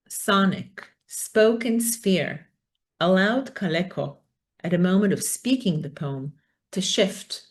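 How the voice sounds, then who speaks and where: A woman giving an academic talk, thoughtful and hesitant, with many fillers. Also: on the low side. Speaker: academic speaker. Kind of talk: conference talk.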